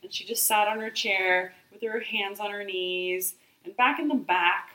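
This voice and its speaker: A woman co-hosting a podcast, telling a story in a lively, laughing way. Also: mid-range voice, a little slow, roomy sound, rough recording. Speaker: podcast co-host. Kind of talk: casual storytelling chat.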